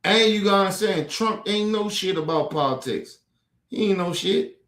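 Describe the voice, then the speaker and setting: A man's voice: sits high, moderate pace, fairly bright tone, reverberant. A man ranting about politics on a stream, heated, profane and repetitive. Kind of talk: ranting commentary. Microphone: streaming mic.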